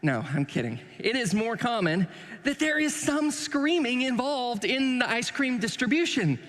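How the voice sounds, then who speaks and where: A pastor preaching in a loose, joking way, with high pitch for a man. His voice carries a long reverb from a church sanctuary. He slips in wry asides about himself. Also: big pitch swings, moderate pace, a bit bright. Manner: conversational and joking, with self-deprecating asides. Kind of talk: sermon.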